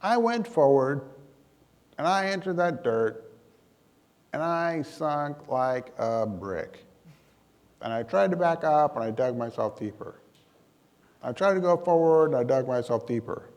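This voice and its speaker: A man giving a talk, telling a personal story to an audience in a lively, self-deprecating way with comic timing. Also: fairly high pitch, measured pace, long pauses, long reverb tail. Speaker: emergency manager giving a talk.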